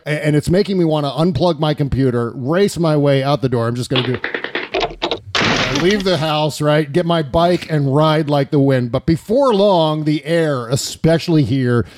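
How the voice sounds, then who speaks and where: A man's voice: a little high, normal speed. A middle-aged man hosting a casual political podcast, joking with guests and reading a sponsor ad in a loose, chatty way. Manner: animated, joking, reads an ad casually. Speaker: podcast host.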